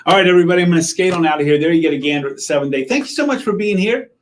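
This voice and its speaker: A man's voice: fairly high pitch, expressive, racing, background noise. Chatty TV weatherman. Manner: chatty, greets viewers by name, jokes. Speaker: TV meteorologist. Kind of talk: casual live weather update. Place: TV station weather set.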